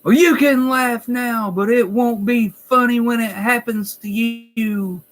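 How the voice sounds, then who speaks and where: A man imitating an angry elderly woman nursing home resident, delivering a slow, indignant warning. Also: very high voice, fairly even intonation, voice pushed up.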